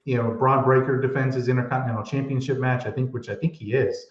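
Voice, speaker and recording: This man co-hosts a casual podcast and shares strong opinions, often thinking aloud and hedging before he lands a point. His voice comes through a reverberant room on a dull, lo-fi recording, with a middle-of-the-road pitch. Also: steady tone, quick pace, a little hiss or hum. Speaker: podcast co-host. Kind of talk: casual wrestling chat. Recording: echoey room, dull lo-fi sound.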